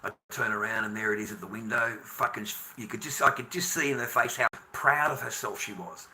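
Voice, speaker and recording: An Australian man delivering a profane, bitter monologue to camera, swinging between angry outbursts and low muttering. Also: fairly quick, pushed and bright, slight background noise, poor audio. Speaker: vlogger.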